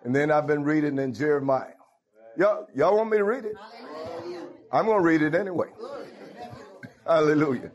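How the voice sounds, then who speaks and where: A man's voice: a little high, normal speed, pauses often, lo-fi sound. A man preaching a folksy call-and-response sermon, laughing and calling out hallelujahs.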